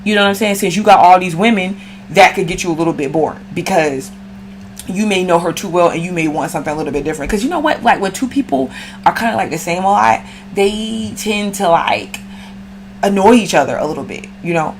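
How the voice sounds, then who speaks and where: Woman doing a chill slangy astrology read, lowish voice, talks right at you. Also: lively intonation, brisk, a little hiss or hum. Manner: slangy, chatty, addresses viewer directly. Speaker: astrology reader. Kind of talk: casual astrology chat.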